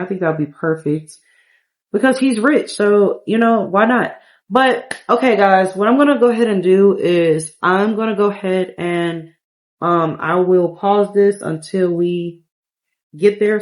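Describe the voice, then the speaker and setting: Chatty young woman narrating gameplay. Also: medium pitch. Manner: chatty, exasperated asides. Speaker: game streamer. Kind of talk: casual gameplay commentary.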